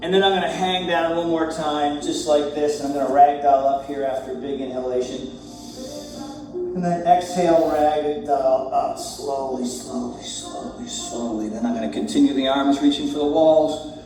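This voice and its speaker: A man guiding a yoga warm-up, cueing breaths and poses in a relaxed, joking way as he moves. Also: a little high, moderate pace. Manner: relaxed, joking, talks while moving through poses. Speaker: yoga instructor. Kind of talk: guided yoga class. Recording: very echoey room, distant mic, faint music.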